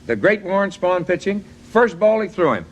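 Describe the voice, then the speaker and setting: A middle-aged man holds forth on a TV talk show. He tells baseball stories with a lively, swinging delivery and a blunt, joking edge. His voice sits a touch high for a man. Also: normal speed. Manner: animated storyteller, blunt and jokey. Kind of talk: casual chat and anecdote.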